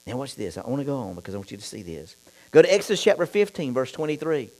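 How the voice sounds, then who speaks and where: A male pastor preaching a sermon, reading scripture and then talking straight to the congregation, dropping low for asides and getting loud and fired up in other stretches. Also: poor audio. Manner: reads scripture aloud and talks straight to the congregation.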